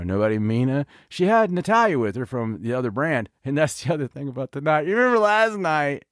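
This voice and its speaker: A man hosting a podcast, reviewing wrestling in casual chat with an animated, joking, ranting manner. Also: medium pitch, smooth, dry recording, clean studio sound. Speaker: podcast host.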